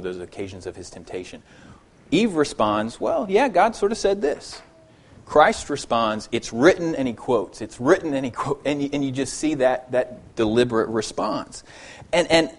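Man preaching with frequent restarts. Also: mid-range voice. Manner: repeats words as he restarts phrases. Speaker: pastor. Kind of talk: sermon.

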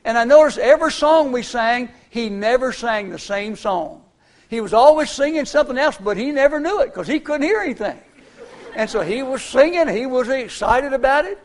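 A man's voice: extremely high pitch, expressive, normal speed. An older man preaching a sermon, telling folksy personal stories in a conversational way.

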